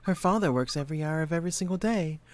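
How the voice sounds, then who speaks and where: A woman voicing a kindly, gossiping old neighbor in a video game, talking softly and fussily. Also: low voice, fast, a little hiss or hum, close to an everyday voice. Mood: gossipy. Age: older. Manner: soft-spoken, fussy, gossiping.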